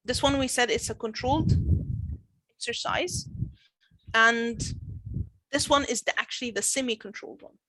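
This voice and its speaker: A woman's voice: on the high side, normal speed, pauses often, sharp tone, no echo, low-quality recording. A woman teacher running an online training session, explaining drilling and modelling example sentences with repeated phrases.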